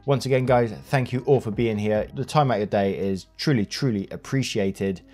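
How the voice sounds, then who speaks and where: Host-narrator: male, slightly low pitch, relaxed and talkative, quick to laugh, faint music bed. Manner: chatty, laughs often between sentences. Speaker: story narrator and channel host. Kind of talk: casual narration of online posts.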